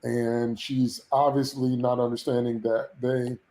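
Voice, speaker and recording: A man's voice: mid-range voice, flat delivery, unhurried, dark tone. A man on a podcast, venting in a casual, opinionated way, with exasperated rants and frequent laughter. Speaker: podcast co-host reviewing a TV episode. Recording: roomy echo.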